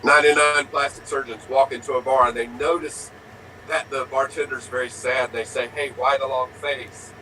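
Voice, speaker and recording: Male improv player, brightish voice, distant from mic, faint noise. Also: mid-range voice, fairly even intonation. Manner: quiet, rapid punchlines. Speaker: improv performer. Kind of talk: quick deadpan joke telling.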